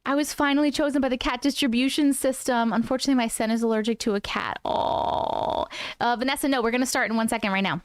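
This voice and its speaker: Host, woman, 30s, chatty and giggly, bright higher voice, dry close sound. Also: fairly even intonation, fast talker, no room sound. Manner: chatty, laughs often, coos at her cat. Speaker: host of a live stream. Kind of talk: casual live-stream chat with viewers.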